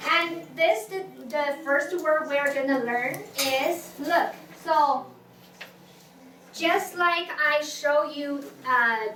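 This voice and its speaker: A woman whose first language is Mandarin teaches a language class with patience and many restarts, singing tones for students to repeat. Her voice sits high, pushed and bright, captured from a distance in a noisy, echoey classroom.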